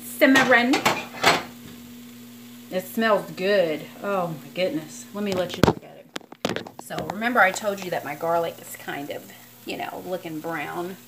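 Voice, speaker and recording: A woman's voice: on the low side, normal speed, heavy background noise. A woman vlogger talking casually through a cooking demonstration in her home kitchen, rambling and chatty with apologetic asides. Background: frying and sizzling in a skillet.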